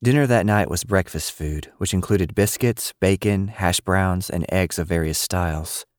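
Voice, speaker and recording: A man with a very low, deep voice reads a scripted audio story in a steady, even way. The recording is dry and close-miked, with no room echo. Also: normal speed. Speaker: narrator.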